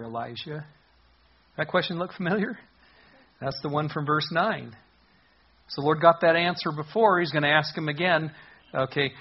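A man with a mid-pitched, slightly husky voice teaches from the Bible in an earnest, conversational sermon. He often restarts his phrases and poses rhetorical questions to the congregation. The recording sounds a little dull and lo-fi. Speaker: pastor.

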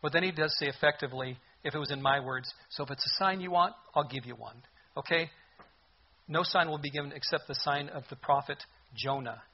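A man preaching a sermon in an animated way, with sudden loud bursts and mocking asides. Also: fairly high pitch, fairly quick, dull audio, slight background noise. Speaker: pastor.

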